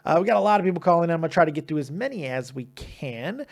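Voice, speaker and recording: A man's voice: fairly high pitch, sing-song, very fast, gravelly. A man hosting a live call-in stream, chatting casually, swearing often and laughing, with plenty of restarts. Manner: profane, laughing, rambling with restarts. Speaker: host of a live call-in show.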